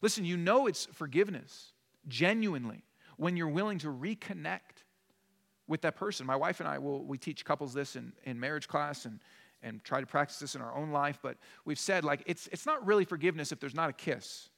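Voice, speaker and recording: A man's voice: a little high, animated, fairly quick, vocal fry, a bit bright. Earnest preacher man in a reverberant hall. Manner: earnest, emphatic, conversational preaching. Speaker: pastor. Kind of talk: sermon. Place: church sanctuary.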